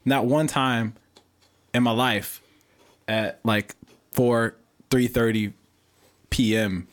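A man's voice: medium pitch, fairly even intonation, slow. A man co-hosting a podcast, rambling in a laid-back, slangy way. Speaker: podcast co-host. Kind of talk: casual chat.

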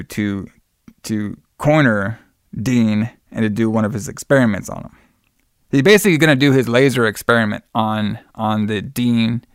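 A man's voice: lowish voice, clean tone, dry recording, studio quality. A man casually recapping a horror movie as podcast co-host, rambling, swearing and laughing often.

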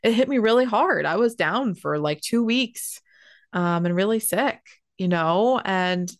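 A woman's voice: mid-range voice, expressive, a little slow, dry recording, clean studio sound. Young female podcast host, chatty and heartfelt, talks in loose run-on sentences with lots of fillers. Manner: chatty, emotional, many fillers and restarts. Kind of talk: casual personal storytelling.

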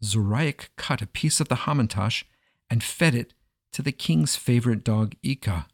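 A man narrating a folk tale in an expressive, dramatic storytelling manner. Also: medium pitch, normal speed, dry recording, clean studio sound.

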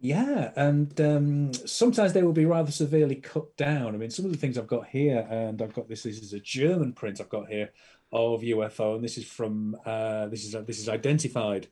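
A man's voice: mid-range voice, normal speed, warm tone, slightly rough. A man chatting as a podcast guest, enthusiastic and rambling with plenty of fillers. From Britain. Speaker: podcast guest, film collector. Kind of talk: casual chat.

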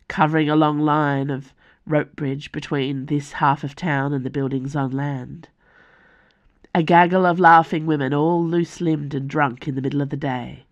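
A woman author reading her own fantasy novel aloud as scripted audiobook narration, measured and deliberate. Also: low-pitched, creaky, highs cut off.

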